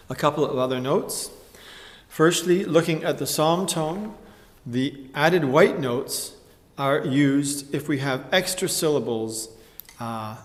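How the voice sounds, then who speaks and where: Slow-talking man teaching in a reverberant hall. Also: fairly high pitch. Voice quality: measured, precise explanatory delivery. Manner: pauses with "uh" and clears his throat often. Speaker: music instructor. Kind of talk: lecture tutorial with sung examples.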